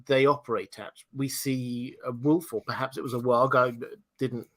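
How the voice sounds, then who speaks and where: A man hosts a casual livestream chat, thinking aloud at a mid-range pitch. He stops and restarts often and leans on fillers as he works through his ideas. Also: steady tone, moderate pace. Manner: musing, hesitant, many restarts. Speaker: livestream host.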